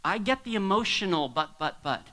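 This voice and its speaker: A male pastor preaching a sermon to a congregation, swinging between hushed asides and near shouts. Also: sits high, sing-song, moderate pace, rough recording. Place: church hall with a congregation.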